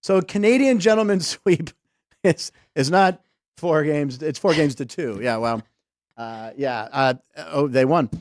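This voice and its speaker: Jokey male podcast host, high voice. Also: a little mellow, no echo. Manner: jokey, rambling, quick asides. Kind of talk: casual sports comedy podcast banter. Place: studio desk.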